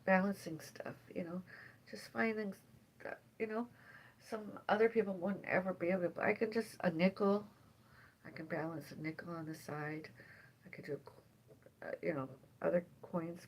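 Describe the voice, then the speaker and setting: A woman chatting on a live stream from home in a meandering way, sighing often and drifting between loud and soft. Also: lowish voice, moderate pace, creaky, pauses often, breathy edge, low-quality recording. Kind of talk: rambling live stream chat. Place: at home, indoors.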